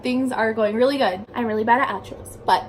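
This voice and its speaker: A woman's voice: fairly high pitch, fairly quick, slight background noise. A young adult woman telling a story in a casual vlog from her bedroom, chatty and filling her speech with "like", swearing casually. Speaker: vlogger.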